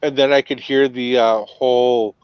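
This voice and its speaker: A man's voice: medium pitch, fairly even intonation, moderate pace, clear, resonant tone, no room sound. A man from Minnesota with a Northern accent, chatting easily on a video call. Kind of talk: casual chat. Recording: dull dry video-call audio.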